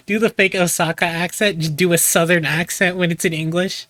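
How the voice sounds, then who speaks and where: A man from the United States streaming a game, talking in an excitable, profane, laughing way. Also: sits high, brisk, few pauses, no echo. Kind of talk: live let's play commentary.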